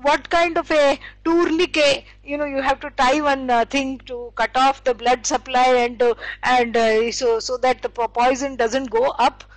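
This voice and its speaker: A woman's voice: sits high, little pitch movement, normal speed, few pauses, dry recording, rough recording. A woman teaching scripture, explaining with stories and acted quotes, using many fillers. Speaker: spiritual teacher. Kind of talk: scripture lecture.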